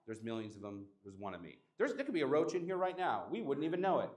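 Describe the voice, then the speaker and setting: A man performing live stand-up and handing the stage to the next act, with animated, exaggerated bits. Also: mid-range voice, fast. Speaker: stand-up comedian and emcee. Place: live comedy show at an art venue.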